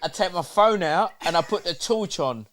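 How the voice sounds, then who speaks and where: A man's voice: high-pitched, expressive, normal speed, fairly bright tone. A man with a British accent, co-hosting a live boxing watchalong with joking, sweary banter. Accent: British English. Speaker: co-host. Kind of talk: casual fight watchalong banter.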